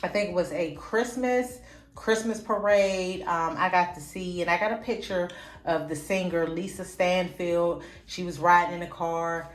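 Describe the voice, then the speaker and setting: A woman from in her forties, chatting casually and excitedly as she shows off old keepsakes to her viewers. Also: on the low side, a little slow. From Pittsburgh, USA. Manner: chatty, tickled, easily excited. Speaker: vlogger. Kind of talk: casual nostalgic show-and-tell. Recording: echoey room with soft background music.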